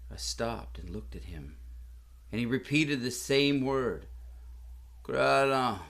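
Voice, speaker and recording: A middle-aged man telling a comic story in a deadpan, mock-solemn, formal way. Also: mid-range voice, unhurried. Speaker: comedian.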